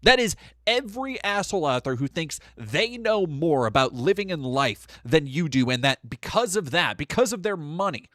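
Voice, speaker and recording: Profane, animated male streamer, dry sound. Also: on the high side, moderate pace, hardly any pauses, no room sound. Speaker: streamer host. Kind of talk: casual live-stream rant.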